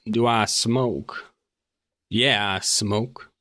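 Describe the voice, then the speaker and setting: A man's voice: lowish voice, steady tone, drawn-out words, pushed and bright, no echo, heavily acted. A man voicing a cagey, bored train guard. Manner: tight-lipped, guarded. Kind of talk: tabletop role-play voicing.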